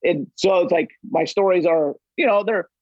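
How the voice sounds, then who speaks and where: A man's voice: sits high, normal speed, dry recording. Rambling middle-aged man, dull dry sound. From Los Angeles area. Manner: rambling, many restarts and swearing. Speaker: podcast guest. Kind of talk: casual chat.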